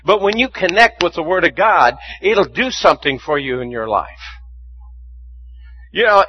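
A man's voice: sits high, slightly rough, dull audio. A man preaching a sermon and telling a personal story, often stumbling and repeating words as he starts a sentence.

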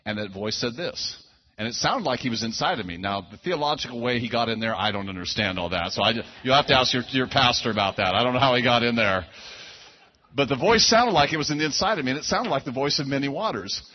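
A man's voice: mid-range voice, expressive, fast. A man preaching a sermon, telling a personal story in a folksy, conversational way full of asides and restarts. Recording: dull lo-fi sound.

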